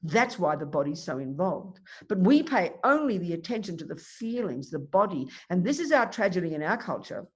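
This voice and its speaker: A woman, a Buddhist nun, teaching a dharma talk in an emphatic, animated way with vivid everyday examples. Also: on the low side, moderate pace, hardly any pauses, slightly rough. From Australia.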